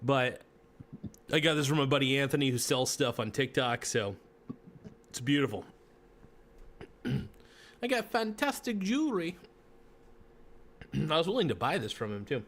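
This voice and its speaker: A male podcast host rambling through a casual commentary livestream in a mid-pitched voice. He chats loosely, stumbles over words and corrects himself, breaking off now and then with a hiccup. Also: fairly quick, fairly bright tone. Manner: rambling, self-correcting, chatty.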